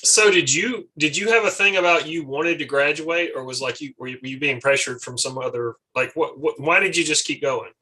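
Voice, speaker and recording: Man, 40s, husky, bright, teasing, casual chat. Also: fairly high pitch, brisk, few pauses. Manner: teasing, curious questioner.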